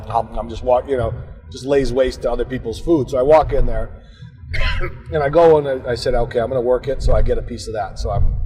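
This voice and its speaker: A man's voice: medium pitch, darkish tone, in a large hall, slight background noise, low-quality recording. A man telling a rambling comic story about himself, scolding himself and swearing as the rants build. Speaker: podcast co-host telling a story.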